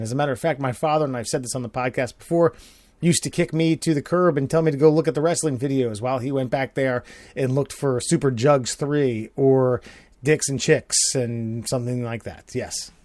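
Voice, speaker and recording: A man's voice: mid-range voice, a little mellow, no room sound. A man co-hosting a podcast in casual chat, blunt, brash and profane. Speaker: podcast co-host.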